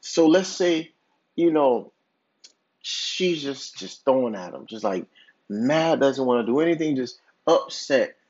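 Brief: male podcast host, slightly husky voice, casual rambling monologue, muffled low-fi recording. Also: animated, unhurried, darkish tone. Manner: rambling, filler-heavy storytelling with many "like"s and restarts. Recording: dull lo-fi recording.

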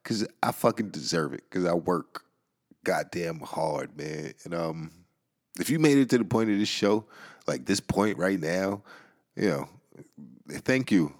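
A man's voice: sits low, expressive, a little slow. A man hosting a solo podcast, rambling casually with a Georgia accent, swearing and laughing often as he talks. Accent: Southern US, Georgia. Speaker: podcast host.

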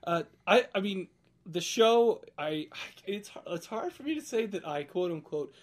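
Rambling male podcast host, halting casual delivery. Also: sits high, animated. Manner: rambling, halting, laughs often. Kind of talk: casual chat.

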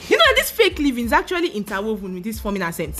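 A woman from Nigeria with a Nigerian accent, co-hosting a casual chat, expressive and constantly chiming in. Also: fairly high pitch, very fast, soft background music. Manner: expressive, chimes in constantly, slips into Yoruba. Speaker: podcast co-host.

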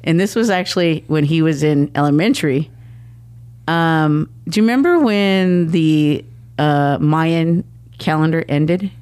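A middle-aged woman, guest on an interview show, telling family stories in a lively way and acting out the quoted dialogue. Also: deep voice, unhurried, smooth. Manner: animated, acts out quoted dialogue. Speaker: guest, mother of the athlete. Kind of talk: casual interview storytelling.

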